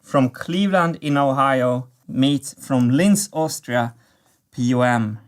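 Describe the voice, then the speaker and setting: A man narrating a workshop vlog, enthusiastic and quick to laugh. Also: mid-range voice. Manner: excitable, laughs often, enthusiastic. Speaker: maker and engineering video creator.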